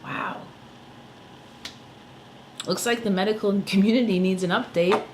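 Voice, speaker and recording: A man's voice: high-pitched, steady tone, unhurried, a little hiss or hum, poor audio. A man, a songwriter, ranting angrily in a casual vlog, swearing often and filling with "you know" and "like". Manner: angry, profane, many fillers. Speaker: songwriter vlogger.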